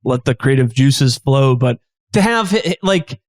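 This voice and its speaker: A man's voice: mid-range voice, animated, measured pace, no room sound. A man who is a guest comedian on a casual comedy podcast, talking in a rambling, self-interrupting way on a close mic.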